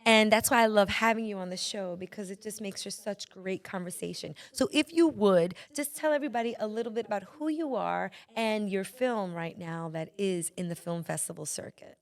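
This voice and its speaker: A woman hosting a podcast in a lively, playful and chatty way. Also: mid-range voice, normal speed, few pauses. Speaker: podcast host.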